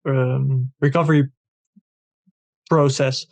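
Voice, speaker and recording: Male host, monotone, kinda hesitant and thoughtful, dry sound. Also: medium pitch, slow pace, gravelly, no room sound. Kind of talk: casual conversational interview.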